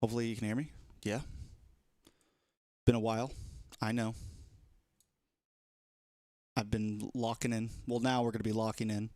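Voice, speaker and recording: A young man, an esports shoutcaster, chatting loosely and playfully as he opens a casual livestream. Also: fairly low pitch, flat delivery, moderate pace, pauses often, dry recording, studio quality.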